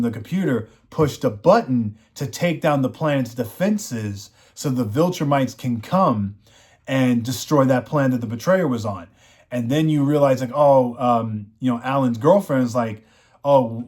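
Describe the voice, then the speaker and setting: A man in the middle of a fan review, telling the story of a season with plenty of excitement. His voice sits at an ordinary middle pitch, and he often slips into quoting the characters as he retells their scenes. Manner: enthusiastic, retells scenes with quoted lines. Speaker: show reviewer. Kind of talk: excited casual recap.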